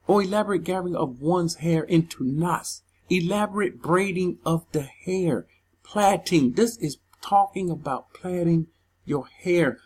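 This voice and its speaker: A husky, slightly breathy voice reads scripture verses aloud and then argues over them. The speaker is emphatic and heated, and often stumbles and restarts mid-sentence while pressing each point. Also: mid-range voice, a little slow, darkish tone. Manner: agitated, stumbles over words. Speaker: Bible teacher.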